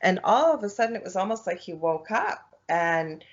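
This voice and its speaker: Woman, low voice, halting casual storytelling, muffled lo-fi audio. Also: lively intonation. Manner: halting, many fillers and restarts. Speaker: podcast guest. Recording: dull lo-fi audio.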